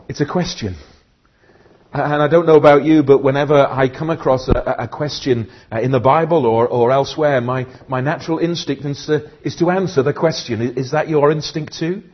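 A preacher delivering an earnest sermon to a congregation. He often says "uh" and repeats words, then slows and softens as he reads scripture aloud. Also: mid-range voice, highs cut off. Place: church.

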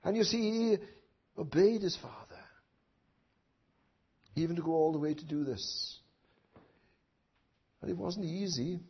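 A man preaching a sermon who swings from hushed asides to loud impassioned outcries, with many rhetorical questions to his listeners. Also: fairly high pitch, unhurried, pauses often, husky. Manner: tag questions and rhetorical questions to the congregation. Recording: dull lo-fi recording.

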